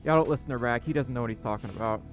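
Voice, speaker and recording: A male livestream host chatting casually with viewers, excitable and self-deprecating. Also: medium pitch, racing, faint music behind.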